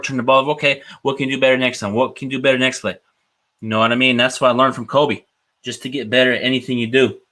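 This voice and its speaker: A man's voice: medium pitch, pushed and bright. Earnest hyped young man hosting. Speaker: podcast host. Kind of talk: casual solo sports podcast.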